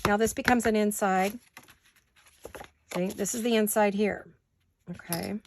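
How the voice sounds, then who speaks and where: Unhurried and steady at medium pitch, this middle-aged woman leads a craft tutorial from her home studio with background noise present. Between hiccups she chats and murmurs asides to herself as she crafts.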